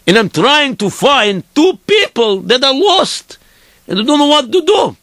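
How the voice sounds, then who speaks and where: A man's voice: very high-pitched, very animated, unhurried, a bit bright, no room sound, studio quality, full character voice. A man playing Peter, a weary, good-hearted peasant horseman, telling his story dramatically in broken English. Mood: puzzled. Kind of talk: theatrical storytelling.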